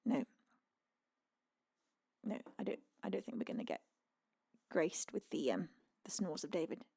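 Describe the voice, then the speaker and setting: A woman's voice: fairly low pitch, animated, measured pace, vocal fry, dark tone, husky. A young woman from the UK, a singer-songwriter hosting a live stream, chatting casually, giggling often and reading out viewers' messages. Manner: chatty and giggly, reads chat aloud.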